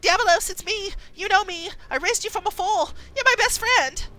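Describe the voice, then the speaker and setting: A woman voicing a gentle, determined young woman who soothes her undead horse, in a game read aloud. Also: very high voice, moderate pace, pitched above the performer's own voice. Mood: soothing. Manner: soothing, pleading.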